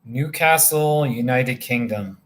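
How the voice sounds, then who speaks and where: A man's voice: medium pitch, takes it slowly. A tired man hosting a casual livestream from a motel room, rambling as he chats with viewers by name. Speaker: livestream host reading viewer chat.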